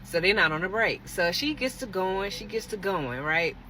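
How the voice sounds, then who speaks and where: Animated young woman telling a dating story. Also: medium pitch, moderate pace, slight background noise. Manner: animated, dramatic, talks straight to viewers. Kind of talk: casual storytelling vlog.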